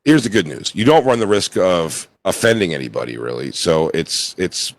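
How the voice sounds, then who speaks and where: Laid-back man in his forties, low-pitched comedy co-host, dry joking. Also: sing-song, normal speed, no echo. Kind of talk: casual comedy chat.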